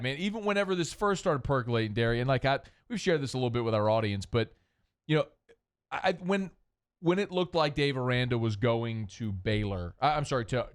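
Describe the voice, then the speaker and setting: A man hosting a sports talk radio show in the studio, talking in an animated, emphatic way with rambling asides. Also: medium pitch, smooth.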